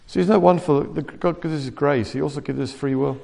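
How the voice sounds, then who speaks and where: A man preaching a sermon in a lively, conversational way with wry asides. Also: on the high side, brisk, gravelly. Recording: long reverb of a church hall.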